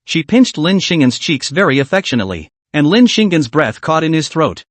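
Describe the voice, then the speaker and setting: A man narrating a comic story recap in a steady storytelling way. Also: a little high, fairly quick, hardly any pauses, no room sound.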